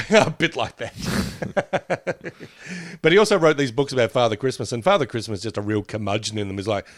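A man's voice: medium pitch, normal speed, no room sound, studio quality. A man co-hosting a podcast, meandering through memories with frequent laughs. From Australia. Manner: meandering, reminiscing, laughs often. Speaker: podcast co-host. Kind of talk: casual chat.

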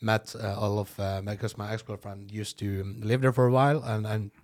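Lower-voiced Norwegian man, laughing easily. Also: level tone, a little fast, a little mellow. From Norway. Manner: laughs often, stammers and restarts, breaks into silly voices. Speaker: comedian guest. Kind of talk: casual podcast conversation.

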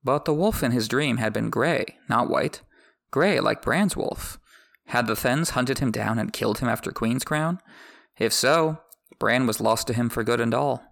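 A man hosting a chapter-by-chapter book podcast, mixing read-aloud passages with wry jokes. His mid-pitched voice carries a gravelly, creaky texture. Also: unhurried, fairly bright tone. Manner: wry, joking asides. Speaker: podcast host. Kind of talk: chapter recap with read excerpts.

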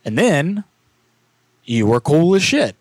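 A man's voice: on the high side, very animated, takes it slowly, no echo. A man who is a prank caller and podcast host, talking in loose, profane, casual chat.

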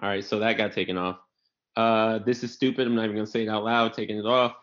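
A man's voice: lowish voice, fast talker. A man hosting a casual comedy podcast, telling stories loosely, acting out quotes and swearing freely. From New York area. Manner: animated storyteller, acts out quotes, swears freely. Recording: slightly dull lo-fi audio.

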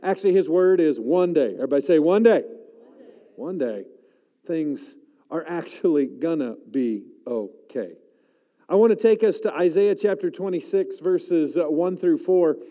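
A man in his forties preaching at a chapel service, swinging from loud, emphatic lines to a soft, hushed voice when he prays, and calling on the crowd to answer back. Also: on the high side, normal speed, big-room sound. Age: 40s. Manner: animated, rising loud for emphasis, dropping soft to pray; calls out to the audience. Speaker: chapel speaker. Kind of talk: sermon.

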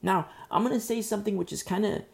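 A man's voice: sits high, quick pace, gravelly. A man preaching a sermon as pastor, emphatic and repetitive, often restarting his sentences.

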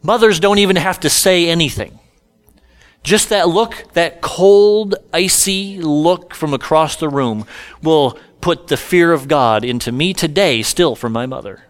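A male pastor preaching a sermon at a slow, deliberate pace, with a voice that sits a bit higher than most men's. He tells scripture stories and acts out the characters in casual everyday speech.

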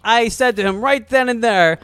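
A man's voice: very high voice, moderate pace, fairly bright tone, clear, resonant tone, dry recording. A man delivering a boastful, rambling comic monologue in character, chuckling at himself and throwing in "bro.". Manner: boastful, rambling, self-amused, says "bro".

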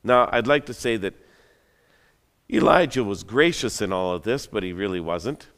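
A man's voice: lowish voice, lively intonation, normal speed, fairly bright tone. A man preaching a sermon, retelling a story in a conversational, dramatic way with joking asides. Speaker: pastor. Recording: long hall reverb.

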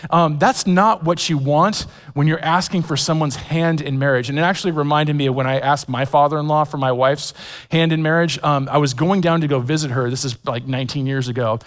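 A pastor in his forties delivers a sermon in a large hall, his voice a little high and his pace brisk. He tells personal stories with self-deprecating humor, full of fillers and restarts.

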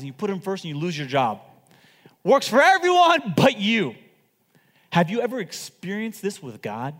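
Pastor guy preaching, high voice, goes from yelling to almost a whisper, big church echo. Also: huge pitch swings, moderate pace. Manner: swings from shouting to hushed, acts out quotes. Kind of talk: sermon.

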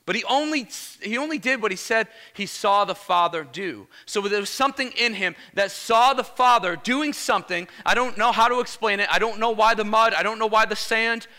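A male pastor preaching a lively sermon, energetic and casual, calling out "Amen?" to the congregation. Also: high-pitched, fairly quick, few pauses. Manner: energetic, casual slang, repeated "Amen?" calls.

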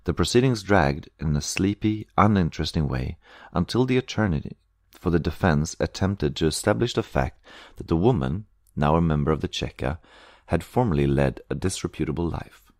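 A man narrating an audiobook with a very deep voice in a measured, steady way. The recording is dry and close with no room sound. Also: dry recording. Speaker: reader.

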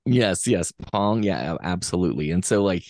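A man in his forties with a low voice, a guest on a podcast, talking in an easygoing, thoughtful way. The sound is dry and close to the mic. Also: animated, moderate pace, a little mellow, no echo. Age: 40s. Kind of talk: casual chat.

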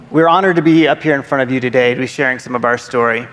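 A man sharing his testimony from a church stage, friendly and steady, with a light touch of humor. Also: medium pitch. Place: church sanctuary. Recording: long reverb of a large hall.

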